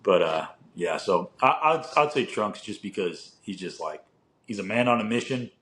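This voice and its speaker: A lowish, fairly bright voice with lively intonation belongs to a young podcast co-host speaking at a moderate pace. He rambles through casual conversation, full of fillers and offhand swearing.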